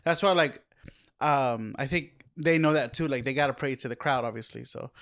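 A man's voice: medium pitch, normal speed, gravelly, fairly bright tone. A man in casual podcast chat, telling stories and laughing often. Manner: laughing storyteller.

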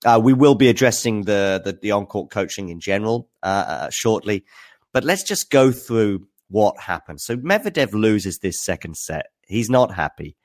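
A man's voice: on the low side, animated, moderate pace. A man hosting a live tennis news recap, chatting with viewers in a hesitant, filler-heavy way. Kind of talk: live-stream commentary recap.

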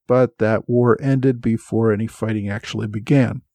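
A man's voice: fairly low pitch, fairly even intonation, normal speed, warm tone, no echo. A man hosting a history podcast, reading thanks and notes in an earnest, explanatory way. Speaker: podcast host. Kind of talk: scripted podcast narration.

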